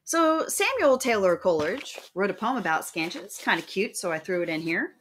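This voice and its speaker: A woman's voice: mid-range voice, big pitch swings, a little fast, few pauses, a bit bright, a little hiss or hum. A woman teaching a recorded lecture, explaining terms plainly and reading verse examples aloud in a sing-song rhythm.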